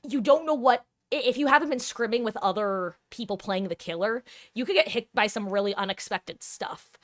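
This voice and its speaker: A woman gaming streamer in casual live-stream chat, rambling and animated, laughing often. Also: a little high, fairly quick, no echo.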